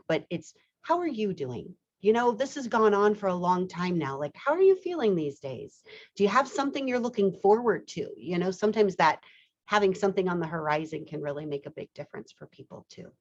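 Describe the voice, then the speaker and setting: A woman hosting a panel discussion over a video call, rambling with frequent restarts and fillers. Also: fairly low pitch. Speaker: webinar host. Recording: muffled video-call audio.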